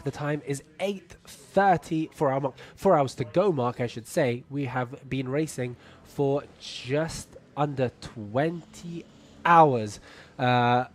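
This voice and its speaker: A man giving live motorsport commentary in a polite, wry manner as he wraps up his shift. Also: medium pitch. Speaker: race commentator. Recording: faint ambient noise.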